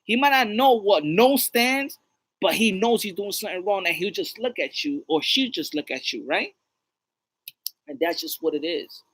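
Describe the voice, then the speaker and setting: A man's voice: sits high, lively intonation, moderate pace, fairly bright tone, dry recording, rough recording. A man co-hosting a podcast, talking in a rambling, preachy, repetitive way. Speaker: podcast co-host. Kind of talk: casual chat.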